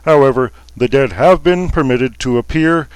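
A man's voice: mid-range voice, normal speed, smooth, no echo. A man hosting a parody newscast in a mock-formal manner, muttering asides. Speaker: comic news anchor.

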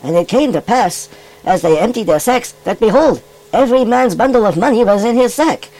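A man's voice: extremely high pitch, expressive, brisk, darkish tone, low-quality recording. A man voicing a cheerful, folksy furry animal rabbi who reads scripture aloud with emphatic, old-fashioned phrasing. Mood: storytelling. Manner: folksy, emphatic King James reading. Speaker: scripture reader. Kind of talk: puppet-style children's Bible reading.

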